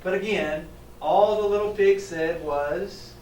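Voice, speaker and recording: Reading slowly in a high voice, a man shares a picture book with children, pausing to quiz them, chuckling, and staying animated. He's a teacher trainer, recorded in an echoey room with a distant mic, faint ambience, and a little hiss or hum.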